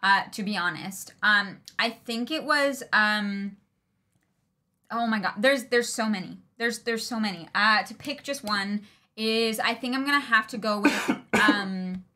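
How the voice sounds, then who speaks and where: A woman's voice: medium pitch, a little slow, pushed and bright. A young woman co-hosting a podcast, chatting casually about a book series, with many ums and restarts. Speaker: podcast co-host. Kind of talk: casual book discussion chat.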